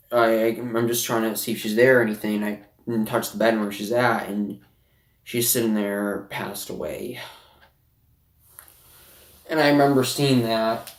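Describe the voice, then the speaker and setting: A teenage boy vlogging from his bedroom, talking haltingly with many fillers and restarts, sniffly and emotional. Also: fairly low pitch. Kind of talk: personal confessional vlog. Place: bedroom at home. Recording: roomy, from some distance.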